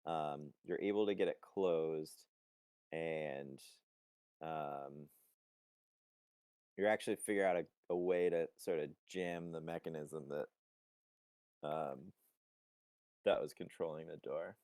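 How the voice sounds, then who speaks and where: A man narrating as game master in a relaxed, halting way with many fillers. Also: rumbling low, clear, resonant tone, no echo, studio quality.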